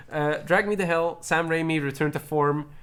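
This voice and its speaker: A man's voice: a little high, moderate pace, a bit bright, clear, resonant tone. Chatty enthusiastic man streaming at home. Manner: enthusiastic, repeats praise, chatty with restarts. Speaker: streamer showing his movie collection. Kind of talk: casual stream chat.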